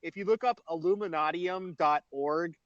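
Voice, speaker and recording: A man with a high voice who rambles through his stories, giggling and filling the gaps with "like" and "um". His speech is casual stream banter, and the audio is dull and muffled. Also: moderate pace, a bit bright, dry recording. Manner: giggly, rambling, lots of fillers. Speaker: livestream co-host.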